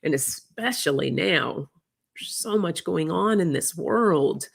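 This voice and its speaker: An oracle card reader hosting a casual livestream, chatting warmly with viewers, reading out their comments and getting emotional. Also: mid-range voice, lively intonation, slow, gravelly, husky. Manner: effusive, reads viewer comments aloud, gets emotional.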